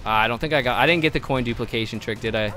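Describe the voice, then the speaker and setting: A man live-streaming gameplay, chatting with viewers in an excitable, gushing way and laughing often, flustered. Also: medium pitch, racing, faint music behind.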